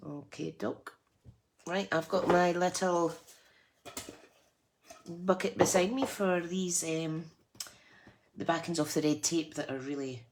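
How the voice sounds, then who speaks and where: A woman's voice: deep voice, a little hiss or hum. A woman hosting a live crafting tutorial, chatty and self-deprecating, laughing often as she works. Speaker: craft channel host.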